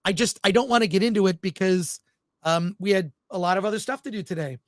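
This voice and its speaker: A man's voice: high voice, quick pace, no room sound, studio quality. A man co-hosting a film podcast in casual, opinionated chat, reading out live chat comments as he goes. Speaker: podcast co-host.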